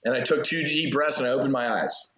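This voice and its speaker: A man of middle pitch tells a personal story in an earnest, halting way, breaking off and restarting his sentences. His voice is slightly dull and lo-fi. It carries a roomy echo. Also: fairly bright tone. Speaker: interview guest, former Navy fighter pilot. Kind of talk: casual interview storytelling.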